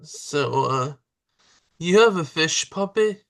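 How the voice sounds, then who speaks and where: A man hosting a podcast from his room, asking interview questions in a halting, drawn-out way. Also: on the high side, expressive, vocal fry, a bit bright, no echo. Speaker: podcast host.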